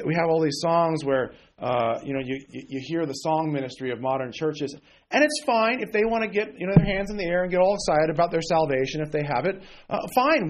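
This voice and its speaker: A man preaching an informal sermon, blunt and sarcastic, with folksy asides. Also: on the high side. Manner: mocks emotional prayers in exaggerated voice.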